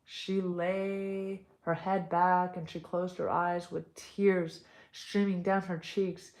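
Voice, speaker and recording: Slow, low-pitched woman, storytime reader who stops for casual asides. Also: level tone, a little mellow. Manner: reads slowly, breaks off into chatty asides. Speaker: storyteller reading a family story aloud.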